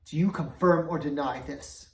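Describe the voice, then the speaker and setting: A woman's voice: low-pitched, normal speed, far from the mic, close to an everyday voice. A woman reading as a stern commanding king. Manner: stern, interrogating, roars orders. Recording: roomy, voice away from mic.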